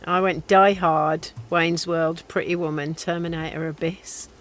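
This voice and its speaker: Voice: mid-range voice, level tone, a little slow, a bit bright. Chatty, enthusiastic panelist voice. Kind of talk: casual panel chat.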